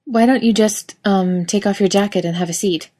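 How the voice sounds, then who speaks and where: A woman's voice: mid-range voice, normal speed, dark tone, close to an everyday voice. A woman voicing a cheerful young male masseuse, eager and soothing in a storybook reading.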